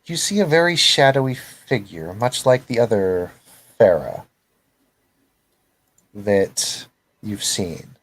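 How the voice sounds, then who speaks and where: A man runs a tabletop game as game master, describing scenes in a relaxed, casual way. He breaks in with joking asides, and his voice sits a little on the low side. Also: slow pace, long pauses.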